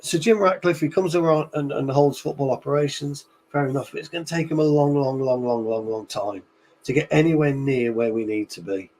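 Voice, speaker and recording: A man's voice: a little high, a little fast, few pauses, darkish tone, low-quality recording. A man talking in a casual fan chat, emphatic and repeating words for stress.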